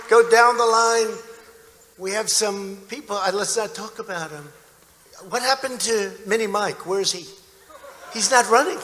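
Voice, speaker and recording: A man's voice: extremely high pitch, sharp tone. A man giving a boastful, repetitive campaign rally speech with mocking asides in a large indoor arena. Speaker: political candidate speaking at a rally. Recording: echoey arena, crowd noise. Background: cheering crowd.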